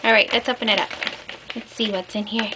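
A crafting vlogger opens a package while chatting casually with her viewers, gushing with enthusiasm and using lots of fillers. Her voice is a little high and brisk, with fairly even intonation, and background noise is clearly audible.

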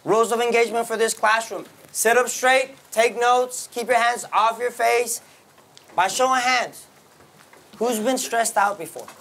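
A man teaching a military classroom lesson, brisk and commanding, often checking in with the class. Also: extremely high pitch, a bit bright. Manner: brisk, commanding, keeps asking the class "right?". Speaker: military instructor. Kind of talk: classroom lecture.

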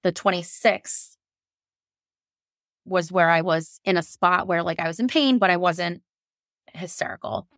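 Gravelly-voiced woman telling a raw story. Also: lowish voice, unhurried, pauses often, a bit bright, dry recording, clean studio sound. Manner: emotional, frank, swears, many fillers. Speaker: guest telling her birth story. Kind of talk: candid personal storytelling.

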